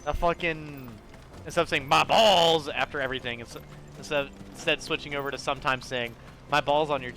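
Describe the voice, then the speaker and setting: A young man casually commenting on a game as he plays, rambling, swearing freely and laughing often. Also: medium pitch. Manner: profane, rambling, quick to laugh. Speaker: gamer playing through a game.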